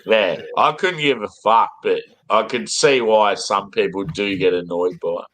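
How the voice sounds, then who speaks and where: A man's voice: lowish voice, moderate pace, fairly bright tone, rough recording. A man from Australia with an Australian accent, chatting in a laid-back way on a drinking stream. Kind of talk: casual drinking-stream chat.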